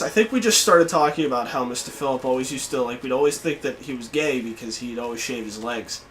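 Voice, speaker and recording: A young man hosting a podcast, telling a story in casual chat, swearing freely and shouting out the quoted lines. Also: mid-range voice, brisk, few pauses, soft background music. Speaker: podcast host.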